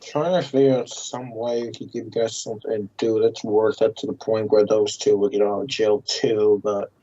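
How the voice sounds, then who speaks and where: A man's voice: on the low side, little pitch movement, moderate pace, dark tone. A young man narrating as game master, casual and swearing freely, on a dull recording with faint noise.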